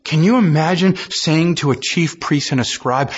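Man, preacher, sermon, husky, slightly high voice, impassioned emphasis, dull lo-fi sound. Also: moderate pace. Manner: rising to impassioned high-pitched emphasis, acting out quoted voices.

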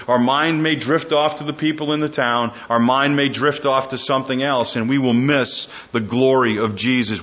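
A man preaching an expository sermon, slowing down and dropping his voice low on key phrases. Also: bright, forceful tone, muffled recording.

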